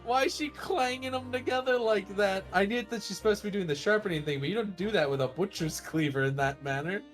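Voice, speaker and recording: A man's voice: high voice, a little fast. A man bantering jokily during a casual let's play, often breaking into laughter. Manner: animated, jokey, breaks into laughter. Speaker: co-host. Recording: faint game music behind.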